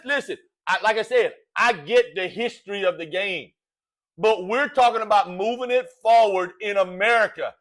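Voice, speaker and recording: Cajun sports talk host, high-pitched man, folksy animated rant with rhetorical questions. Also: moderate pace. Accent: Cajun Louisiana. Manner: folksy, animated, rhetorical, says "all right?" often.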